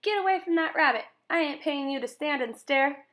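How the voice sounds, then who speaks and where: A gruff old farm woman from a storybook barks orders in folksy rural grammar, as a woman reader puts her on. Her voice climbs high and loud, with no patience at all. She sounds hard and impatient. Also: a little fast. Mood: bossy.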